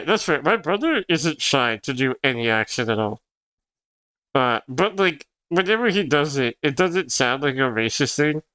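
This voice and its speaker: A young streamer, Spanish being his first language, chats casually, laughing frequently and rambling as he answers his chat. His medium-pitched voice is pushed and bright, with no room sound.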